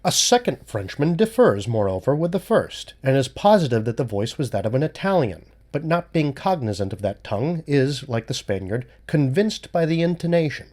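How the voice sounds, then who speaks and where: Methodical detective guy explaining his logic step by step, lively ups and downs in the voice, man reading it in an audiobook. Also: medium pitch. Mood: reasoning. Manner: measured, lecturing reasoning. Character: methodical, cool-headed male amateur detective.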